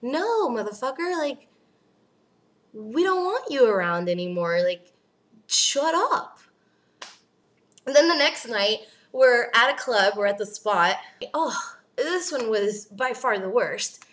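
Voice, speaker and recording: A young woman ranting in a casual vlog, animated and exasperated, swearing freely. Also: fairly high pitch, takes it slowly, long pauses. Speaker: vlogger.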